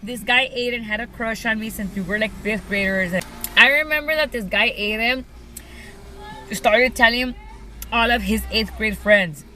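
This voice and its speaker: A woman's voice: on the high side, normal speed, bright, forceful tone, rough recording. A young woman casually telling a personal story to her viewers, chatty and full of "like" and "you guys". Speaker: vlogger.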